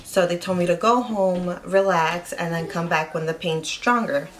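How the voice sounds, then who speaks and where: A woman's voice: fairly low pitch, steady tone, normal speed. A young woman vlogger telling a personal story in casual, chatty speech, full of filler words.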